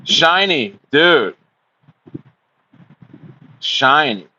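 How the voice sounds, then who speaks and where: A young man chatting casually on a livestream, excitable and rambling, calling his viewers bro and dude. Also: fairly high pitch, drawn-out words, no echo, highs cut off. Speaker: crypto livestreamer.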